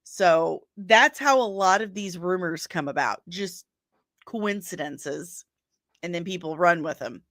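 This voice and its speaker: Slow, low-voiced woman hosting a stream. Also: animated, fairly bright tone, no echo, studio quality. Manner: chatty, laughs often, reads out and answers viewer comments by name; loses her place while searching on screen and grumbles aloud. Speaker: host of a daily pop-culture news stream. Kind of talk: casual live-stream chat about entertainment rumors.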